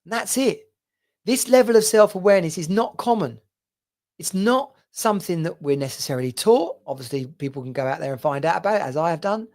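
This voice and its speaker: A man's voice: high voice, lively intonation, fairly quick, a little mellow. A man hosting a podcast, giving an earnest motivational monologue as a men's coach and speaking straight to the listener.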